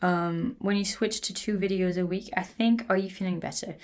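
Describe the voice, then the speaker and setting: Lowish-voiced twenty-something woman, casual q&a chat, laughs a lot. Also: steady tone, normal speed, darkish tone. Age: 20s. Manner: chatty, laughs often, switches languages, sings snippets. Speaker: ASMR creator answering viewer questions.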